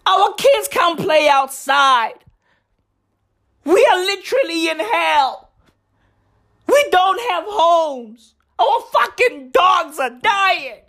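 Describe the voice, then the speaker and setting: Woman voicing desperate residents, frantic, high-pitched pleading, shouting. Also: full character voice.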